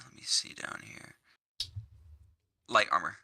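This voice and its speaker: A man with a very bright, sharp voice answers slowly and hesitantly, reading from his sheet. The sound is dry. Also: fairly low pitch, animated, no room sound. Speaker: player.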